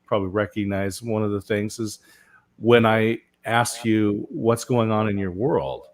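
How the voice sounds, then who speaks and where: A man's voice: fairly low pitch, steady tone, measured pace. Man hosting a panel show. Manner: storytelling, asks rhetorical "right?". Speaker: show host. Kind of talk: casual panel talk.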